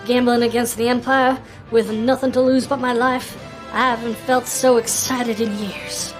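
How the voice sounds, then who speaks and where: A woman's voice: on the high side, flat delivery, moderate pace, faint music behind, close to an everyday voice. A woman streamer voicing a brash, flamboyant male gambler who captains an airship, reading the game's lines aloud with cocky theatrical flair. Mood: thrilled.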